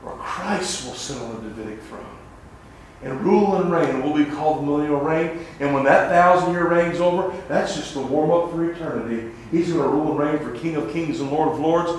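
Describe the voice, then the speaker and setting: Man preaching revival sermon, higher voice, heavy church echo, faint room noise. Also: a little fast, distant mic. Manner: fiery, swings between shouting and hushed asides. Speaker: evangelist preacher. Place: church sanctuary.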